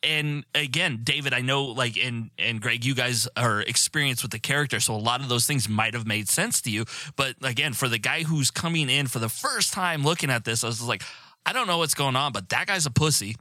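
A man's voice: medium pitch, brisk, few pauses, sharp tone, dry recording, studio quality. A man hosting a podcast in casual chat, rambling with lots of "like" and some swearing. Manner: rambling, confused, swearing, with filler "like". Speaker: podcast host.

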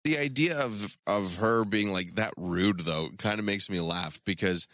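Co-host, male, bright lively voice, jokey banter, dry close mic. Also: fairly low pitch, a little slow, no echo. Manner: joking, animated, laughs often. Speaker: podcast co-host. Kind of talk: casual banter.

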